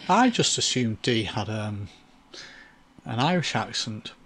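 A man's voice: lowish voice, sing-song, slow, fairly bright tone, slight background noise. A co-host who is a man, dropping short dry remarks into casual chat.

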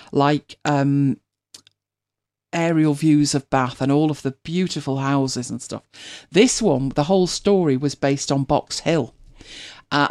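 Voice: mid-range voice, darkish tone. A host with a British accent, chatting casually and rambling with many restarts. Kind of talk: casual chat.

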